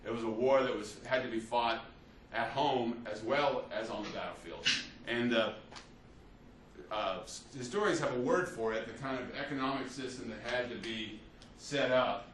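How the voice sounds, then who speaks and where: A man's voice: mid-range voice, moderate pace, fairly bright tone, slight background noise. A male history teacher giving a conversational classroom lecture, often checking in with "you see" and "right?" as he talks. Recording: roomy, distant, faint ambience.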